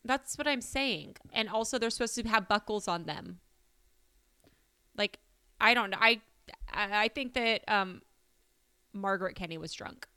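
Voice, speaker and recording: A woman's voice: medium pitch, measured pace, long pauses, sharp tone, clear, resonant tone, dry recording. A woman co-hosting a casual true-crime podcast, sarcastic and joking, often laughing. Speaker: podcast co-host.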